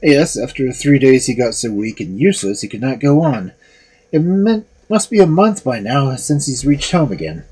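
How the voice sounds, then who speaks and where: A storyteller voicing a weary, lovelorn young man who answers in a stubborn, dejected way, with a husky voice. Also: mid-range voice, big pitch swings, moderate pace, dark tone.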